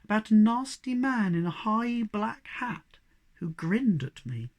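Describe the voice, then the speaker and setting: A reader voicing a gentle, eager little troll girl in a storybook reading. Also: mid-range voice, sing-song, unhurried, pitched above the performer's own voice. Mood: chatty.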